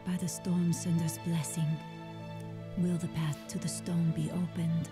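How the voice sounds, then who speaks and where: Casting: a woman playing a serene spirit messenger in a game, low and flat, unhurried, solemn and formal. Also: natural voice. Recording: game audio with new-age music behind.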